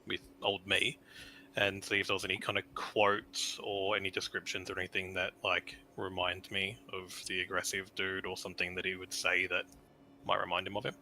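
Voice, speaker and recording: A man speaks very low and flat as he plays a tabletop game. His tone is sharp and bright. He rambles while searching for words. A faint noise sits under the recording. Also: moderate pace, poor audio. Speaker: player. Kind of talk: casual tabletop play.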